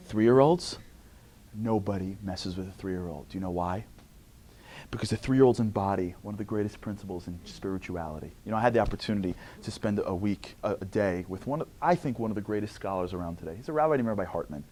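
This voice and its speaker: Animated New man giving a talk. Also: on the low side, fast, a little hiss or hum. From New York. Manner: animated, swings between loud outbursts and hushed near-whispers. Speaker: motivational speaker. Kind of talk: comic inspirational talk.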